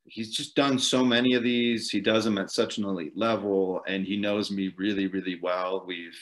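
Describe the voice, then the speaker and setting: A man with a fairly low voice tells a long race story as a podcast guest. He rambles loosely, leans on fillers, and keeps breaking into small chuckles. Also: fairly even intonation, normal speed. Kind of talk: casual storytelling interview.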